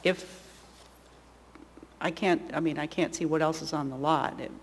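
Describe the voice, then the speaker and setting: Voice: medium pitch, fairly even intonation, moderate pace, husky. Board chair asking questions at a zoning hearing, lots of restarts, echoey room. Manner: hesitant, many restarts.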